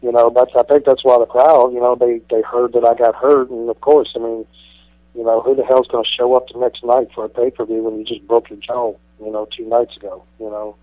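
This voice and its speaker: A man's voice: mid-range voice, flat delivery, brisk, dry recording. A man, a professional wrestler guest, telling stories in a brash, swaggering, profane way. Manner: brash, swaggering, heavy cursing. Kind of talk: profane interview storytelling. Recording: tinny dry phone line.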